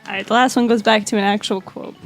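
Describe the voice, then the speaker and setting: A woman's voice: medium pitch, fairly even intonation, fast, faint music behind. A woman co-hosting a gaming podcast, making dry, wry remarks in casual chat. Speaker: podcast co-host.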